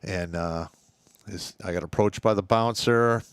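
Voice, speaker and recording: A former army leader co-hosting a casual show, telling stories in a blunt, rough-edged way. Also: male voice, lowish voice, unhurried, no echo. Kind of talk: casual banter.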